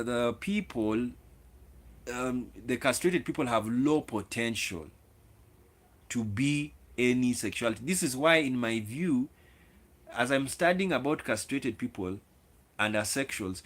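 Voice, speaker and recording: Guy ranting to camera, mid pitch, talks straight at viewers, lots of restarts. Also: fairly bright tone. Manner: lecturing, with repeated words and restarts; addresses viewers directly. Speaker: video host. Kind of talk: opinionated solo monologue.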